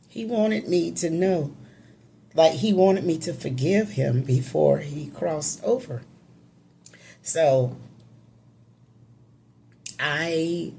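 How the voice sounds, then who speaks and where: A woman's voice: deep voice, vocal fry, mellow, slight background noise. A woman telling an emotional personal story in a casual, conversational, emphatic way.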